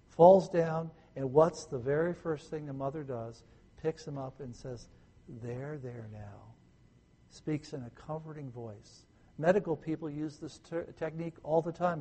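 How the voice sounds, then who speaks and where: A male pastor preaching a sermon, asking his listeners questions and swinging from loud emphasis to hushed, soft tones. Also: fairly high pitch, slightly rough. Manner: asks the listeners rhetorical questions.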